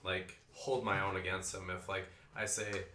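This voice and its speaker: A man's voice: deep voice, level tone, normal speed, pushed and bright. A man co-hosting a podcast in casual chat, joking and running himself down. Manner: joking, self-deprecating. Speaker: podcast co-host. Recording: echoey room with faint noise.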